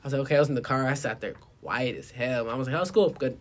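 A young man chatting casually, telling a story with frequent laughter, drifting between low mumbling and loud laughing bursts. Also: fairly even intonation, very fast. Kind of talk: casual chat.

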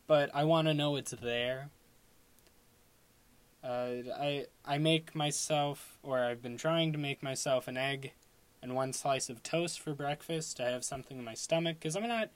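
A man's voice: fairly high pitch, a bit bright, no room sound. A young man from Long Island talking in a casual solo podcast, rambling with lots of fillers and restarts. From Long Island, New York. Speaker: podcast host.

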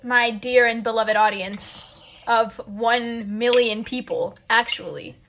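A woman's voice: fairly high pitch, steady tone, slow, a bit bright, slight background noise. A teenage girl hosting a casual podcast over a phone call, joking and dramatic as she tells tall stories. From Colombia. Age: teens. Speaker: podcast host. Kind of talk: casual chat.

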